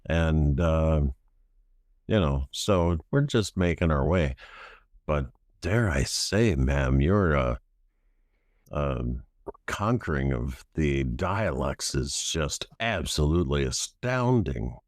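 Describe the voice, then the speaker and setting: Guy playing a polite irish american gent, very deep voice, slow, lots of ums. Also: expressive, a little mellow, no room sound, clean studio sound, full character voice. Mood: courteous. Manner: courteous, hesitant with fillers. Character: polite first-generation Irish American young man.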